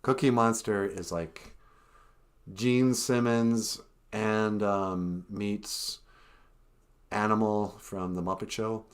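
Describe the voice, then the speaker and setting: A man's voice: lowish voice, measured pace, a bit bright. A man hosting a casual live stream, chatting about how he does his impressions. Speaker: host.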